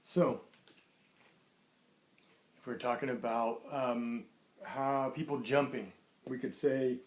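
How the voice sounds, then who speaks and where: A man's voice: mid-range voice, fairly even intonation. Cheerful man teaching small children. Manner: cheerful, sings a greeting song, slow clear sounding out of words. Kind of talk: online lesson for young children.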